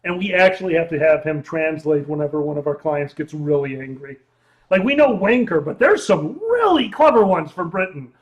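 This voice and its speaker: A man's voice: on the high side, big pitch swings, normal speed, muffled recording. A man co-hosting a casual livestream, cracking sarcastic jokes and teasing comebacks. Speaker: co-host.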